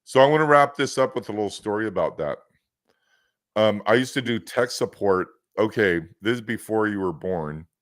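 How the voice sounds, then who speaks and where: Low-voiced chatty West Coast man. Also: lively intonation, normal speed, no room sound, clean studio sound. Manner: rambling, chatty storyteller with many restarts. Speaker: host. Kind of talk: casual podcast chat.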